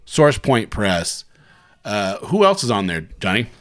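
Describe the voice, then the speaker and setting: A man's voice: lowish voice, sing-song, measured pace, fairly bright tone. A man hosting a podcast, chatting casually and teasing his co-host, laughing often. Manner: giggly, teasing banter.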